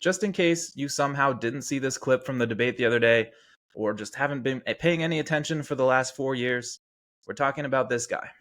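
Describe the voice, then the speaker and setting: A man's voice: mid-range voice, brisk, a bit bright. Sarcastic man hosting commentary. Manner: sarcastic, chuckling often. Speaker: podcast host. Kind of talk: casual political commentary.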